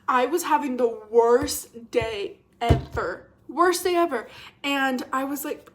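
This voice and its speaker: A young woman vlogger in a casual, rambling chat to camera, expressive and self-mocking. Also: high voice, measured pace, slight background noise.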